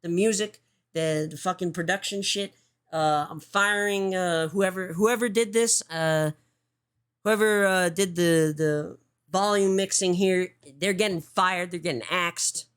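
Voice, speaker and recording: A woman's voice: fairly low pitch, a little slow, clear, resonant tone. A woman hosting a livestream show, giving casual commentary, swearing often and restarting her sentences.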